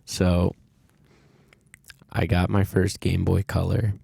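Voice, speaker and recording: Low, gravelly-voiced male podcast host. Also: completely flat delivery, slow, mellow, no room sound, studio quality. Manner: rambling, candid, swears freely, many fillers. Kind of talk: casual conversational storytelling.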